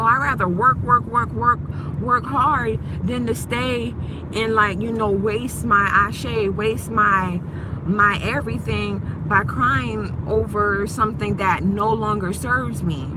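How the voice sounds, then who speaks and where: A young woman chatting slangily and boastfully on a casual live phone video. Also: mid-range voice. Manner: slangy, chatty, self-hyping. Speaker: live-stream host. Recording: noisy with vehicle sounds behind.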